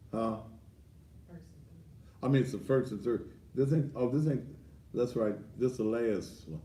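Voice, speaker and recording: A man's voice: fairly low pitch, dark tone, a little hiss or hum. A middle-aged man, a pastor giving a blunt, fiery sermon-style address with profanity. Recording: roomy echo, distant from the mic.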